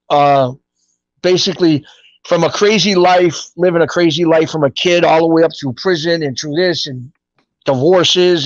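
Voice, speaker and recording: A man's voice: fairly high pitch, dry recording. Rambling New man, dull dry audio. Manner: rambling and animated, with street-style grammar. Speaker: guest. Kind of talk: casual storytelling interview.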